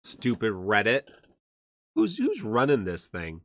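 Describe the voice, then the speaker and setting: A man's voice: lowish voice, wildly swooping pitch, slow, long pauses, a bit bright, no room sound, studio quality. A man hosting a podcast livestream pre-show, chatting casually, rambling and joking with frequent laughs. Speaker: podcast host.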